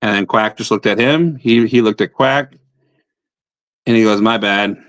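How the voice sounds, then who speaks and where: A man's voice: mid-range voice, normal speed, dry recording. Wrestler guy swearing his way through a ring story, dry close sound, plain middle voice. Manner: profane, blunt anecdote-telling. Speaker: pro wrestler guest. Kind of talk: casual storytelling.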